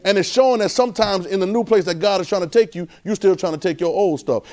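A man preaching a sermon in a casual, conversational way, quizzing his congregation and often climbing to an excited pitch. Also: quick pace, few pauses.

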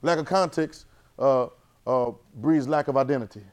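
A man teaching a church Bible class, lively and conversational, repeating phrases and asking the class questions. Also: medium pitch, moderate pace.

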